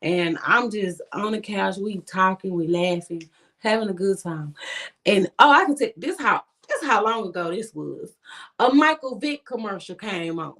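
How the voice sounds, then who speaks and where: A woman guest on a podcast telling a story casually, animated and acting out what her friends said. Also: moderate pace. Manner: animated, swings pitch to act out friends' lines.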